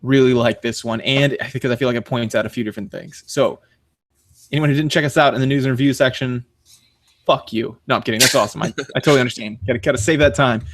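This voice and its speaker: A man hosts a casual podcast, rambling quickly through stories and correcting himself as he goes. His voice sits in a middle range and is recorded dry and close, with no room sound. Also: medium pitch, steady tone, no room sound. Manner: rambling, self-interrupting, swears casually. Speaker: podcast host.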